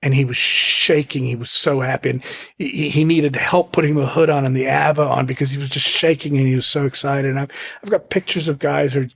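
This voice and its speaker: A middle-aged man from Zimbabwe, a podcast guest, telling rambling, animated hunting anecdotes with many restarts. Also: medium pitch, fairly quick, gravelly, slightly rough. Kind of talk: casual storytelling interview.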